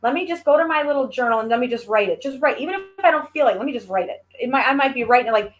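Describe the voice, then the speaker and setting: A woman's voice: sits high, animated, racing. A woman chatting casually as a guest, telling stories animatedly and acting out the voices of the people she quotes. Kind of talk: casual chat.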